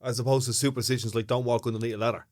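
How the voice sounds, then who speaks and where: A man's voice: mid-range voice, level tone, very fast, a little mellow. A man with an Irish accent, co-hosting a casual podcast and teasing his friend in a jokey, laughing way. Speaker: podcast co-host. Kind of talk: casual chat.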